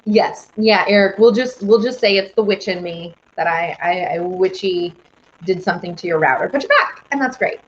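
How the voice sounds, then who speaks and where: A young woman, a singer hosting a casual live stream, reads out viewer comments and chats in a bubbly, rambling way, squealing with excitement. Her voice is on the low side and her pace moderate. The stream audio is dull and lo-fi.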